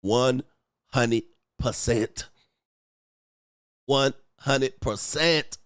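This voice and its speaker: A man's voice: medium pitch, extremely slow, a bit bright, clean tone, no room sound, studio quality. A man hosting a livestream, delivering a profane, mocking comedic rant with repeated catchphrases. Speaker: livestream host and dating coach.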